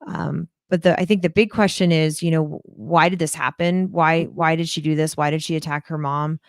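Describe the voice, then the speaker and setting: A woman's voice: deep voice, steady tone, moderate pace, dry recording, studio quality. A woman guest co-host discussing a true crime case in a thoughtful, hesitant way with frequent ums.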